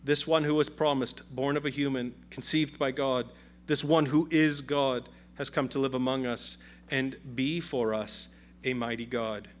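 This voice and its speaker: A man's voice: medium pitch, fairly even intonation, unhurried. A male pastor preaching a sermon with an emphatic, repetitive cadence.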